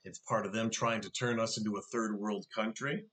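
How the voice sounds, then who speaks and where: A man's voice: lowish voice, steady tone, brisk, fairly bright tone. A middle-aged man co-hosting a casual political chat show, with sarcastic, mocking asides. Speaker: co-host.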